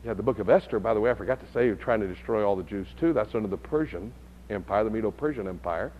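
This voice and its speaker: A man teaching a Bible study lesson, who builds to loud, high-pitched emphasis. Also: racing, muffled recording, a little hiss or hum.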